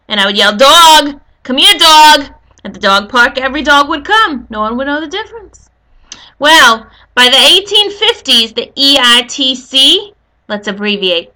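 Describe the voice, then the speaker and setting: A woman's voice: high voice, pushed and bright. A woman giving a casual, rambling history lesson, full of jokey asides to her viewers. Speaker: history video host.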